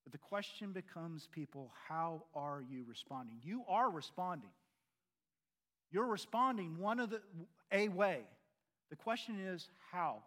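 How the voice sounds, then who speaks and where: Guy preaching a sermon, earnest, gets loud on questions then drops real quiet, bit high voice. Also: lively intonation, measured pace. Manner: earnest, swings from loud emphatic questions to quiet low endings.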